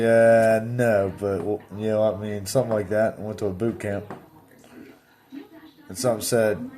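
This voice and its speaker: Guy vlogging a story, blunt and plainspoken, kinda low mellow voice. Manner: animated, reenacts his own replies with repeated "I said". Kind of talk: casual storytelling.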